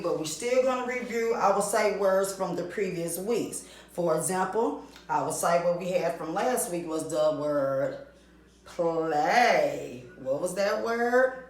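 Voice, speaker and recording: Woman teacher, unhurried, stretches vowels for little kids; roomy echo. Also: on the low side. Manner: slow, drawn-out sounding of vowels with questions to the class. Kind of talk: recorded reading lesson for young children. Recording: echoey room.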